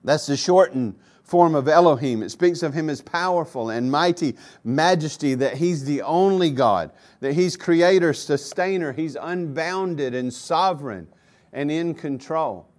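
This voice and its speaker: Male pastor mid-sermon in a church, emphatic, repeats key phrases, dynamic from soft to loud. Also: a little high, lively intonation, unhurried.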